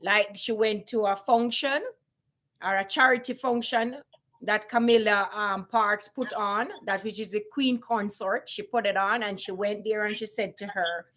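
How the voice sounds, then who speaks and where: A woman's voice: medium pitch, steady tone, measured pace, a bit bright. A woman with a Jamaican accent talking casually on a live stream, emphatic, repeating points and asking rhetorical questions.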